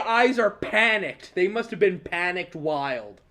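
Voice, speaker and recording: A young man hosting a podcast, telling a story in a casual, animated way, swearing often and laughing along. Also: high voice, a little slow, hardly any pauses. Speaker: podcast host.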